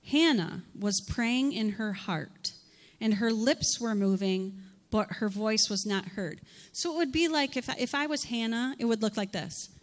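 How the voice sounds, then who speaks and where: A woman pastor delivering a sermon in an animated way, asking rhetorical questions and acting out scripture dialogue. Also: on the high side, a little slow. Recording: long hall reverb.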